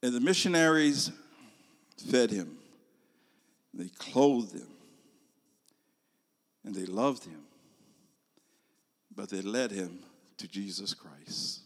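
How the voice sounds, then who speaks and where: A man telling a story as a sermon, animated, swinging from loud to hushed. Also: on the low side, takes it slowly, pauses often, long reverb tail. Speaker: preacher.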